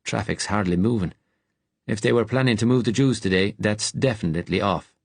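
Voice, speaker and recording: A man voicing a gruff, worn-out working man who swears casually and talks in a low, rough register. The delivery is dry and close, plainly spoken with a weary edge. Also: brisk, no room sound.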